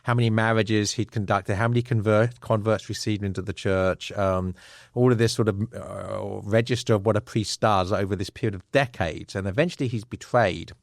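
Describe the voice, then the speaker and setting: Low-voiced English man, dry close sound. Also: moderate pace, no echo. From England. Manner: earnest storytelling, occasional chuckle. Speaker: author guest. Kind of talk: casual interview chat.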